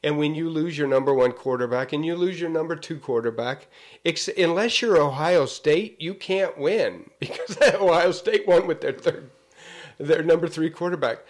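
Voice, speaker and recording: A man's voice: a little high, normal speed. A man co-hosting a casual sports chat show in a studio, rambling and laughing, often trailing off mid-sentence. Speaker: co-host. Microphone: studio mic.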